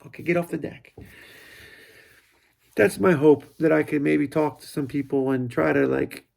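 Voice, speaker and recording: A middle-aged man talks through his thoughts in a loose, unscripted way, stopping and restarting as ideas come. His voice has a strong gravelly fry, pitched a little higher than most men's. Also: steady tone, moderate pace, darkish tone. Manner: rambling, self-interrupting, quotes his own thoughts aloud. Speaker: vlogger. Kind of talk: casual reflective monologue.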